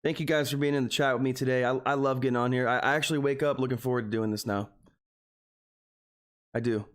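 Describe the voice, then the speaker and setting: A man's voice: medium pitch, fairly even intonation, quick pace. A man from Texas hosting a live trading stream, talking casually and earnestly to his viewers. He rambles and keeps calling them "guys". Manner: earnest and openly emotional. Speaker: stock trading livestreamer.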